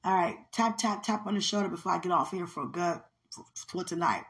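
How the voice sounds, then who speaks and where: Gravelly low-voiced woman in her late thirties. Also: fairly quick, a bit bright. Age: late 30s. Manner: affectionate, prayerful, often laughing. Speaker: podcaster. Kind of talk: casual spoken monologue with prayer.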